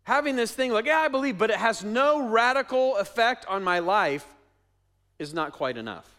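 A man's voice: sits high, lively intonation, moderate pace, pushed and bright. A man preaching a sermon as pastor, conversational, asking the congregation questions and repeating his phrases.

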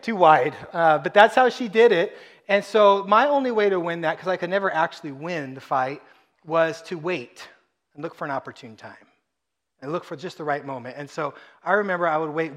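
A middle-aged man from Texas preaching a sermon, telling joking family stories and acting out voices. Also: a little high. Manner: joking, animated storytelling with acted-out voices. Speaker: pastor.

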